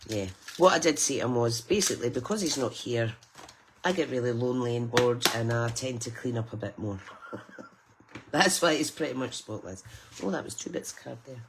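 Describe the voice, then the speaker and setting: On a live stream, a middle-aged British woman demonstrates card making, chatting and laughing with her viewers. Her voice rumbles low and is expressive, moving at a moderate pace over some background noise.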